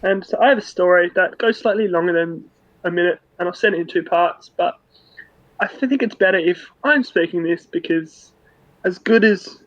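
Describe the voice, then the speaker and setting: Cheeky Australian man, high voice. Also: normal speed, fairly bright tone, dry recording. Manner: cheeky, chatty, laid-back storytelling. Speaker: listener sending a voice note. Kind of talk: casual recorded voice note storytelling. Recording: dull lo-fi voice note.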